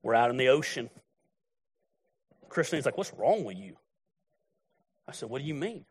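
A man's voice: mid-range voice, big pitch swings, moderate pace, husky. A middle-aged man preaching a sermon in a blunt, folksy, storytelling way. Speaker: pastor.

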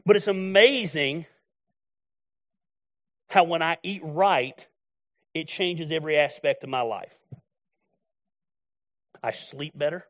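A man's voice: a little high, takes it slowly, long pauses, fairly bright tone. A middle-aged man preaching a sermon in a blunt, folksy, storytelling way. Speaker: pastor.

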